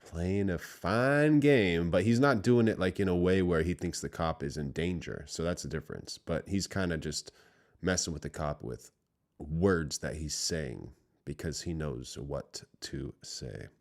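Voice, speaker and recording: Man, reaction streamer, live commentary, rambling, trailing quiet asides, very low voice. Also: a little slow.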